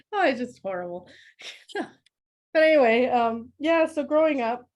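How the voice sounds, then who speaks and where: A middle-aged woman, a podcast guest telling family stories in a lively, laughing, conversational way. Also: sits high, slow pace, lo-fi sound. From Canada. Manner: laughs often, animated anecdotes with acted quotes. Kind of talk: conversational storytelling.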